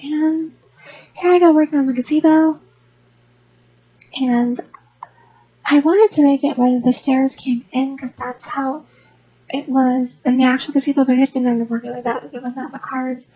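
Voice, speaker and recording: A woman's voice: high voice, steady tone, normal speed, pauses often, mellow, slightly rough, lo-fi sound. A young woman who hosts a gaming channel, rambling casually in an unscripted voice-over with lots of restarts. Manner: rambling, chatty, many restarts.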